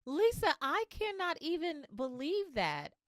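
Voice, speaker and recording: A woman's voice: high-pitched, sing-song, unhurried, dry recording. A woman hosting a podcast, introducing and interviewing her guest in an effusive, encouraging way. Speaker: podcast host. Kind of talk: interview conversation.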